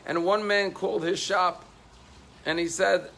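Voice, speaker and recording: A man's voice: on the high side, fairly even intonation, unhurried, gravelly, a bit bright. A man, a rabbi, delivering a sermon as a story, voice rising with emotion on quoted pleas.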